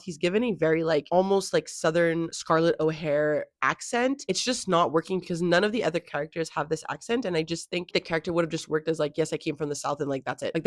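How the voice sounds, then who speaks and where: A woman's voice: low voice, no echo, clean studio sound. A young woman chatting casually in a reading vlog, talking about a book with lots of filler words. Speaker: book vlogger.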